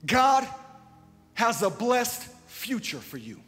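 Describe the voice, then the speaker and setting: A male pastor gives a chatty sermon in a church sanctuary, moving from quiet, confiding asides to loud, emphatic punches. His very high voice swings widely in pitch and he takes it slowly. Long church reverb carries the sound, with faint music underneath.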